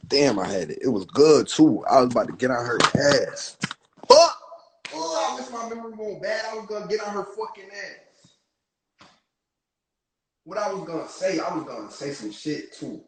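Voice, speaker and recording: A man's voice: on the high side, animated, moderate pace, long pauses, a little hiss or hum, poor audio. A young man venting on a phone livestream, rambling, swearing and trailing off mid-thought. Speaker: rapper on livestream. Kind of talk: livestream rant.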